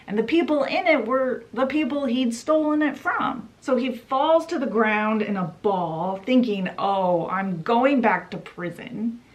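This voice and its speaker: A woman hosting a book channel, retelling a classic story in a chatty, casual way. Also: fairly high pitch. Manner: chatty, fills with "you know" and "he's like".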